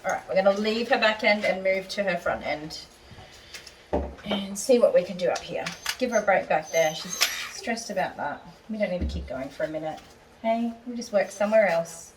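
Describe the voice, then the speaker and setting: Calm woman groomer, distant with clipper noise. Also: medium pitch, normal speed. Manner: explains each step calmly, coos soothingly to the dog. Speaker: dog groomer. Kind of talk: narrating a grooming session on camera. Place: indoor grooming salon.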